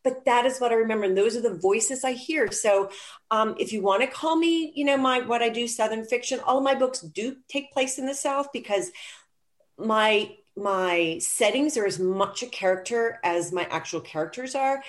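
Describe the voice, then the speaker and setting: A woman novelist from Mississippi talking reflectively about her writing, pausing often and searching for words. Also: fairly high pitch. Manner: reflective, hesitant, many fillers. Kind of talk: casual conversation about writing.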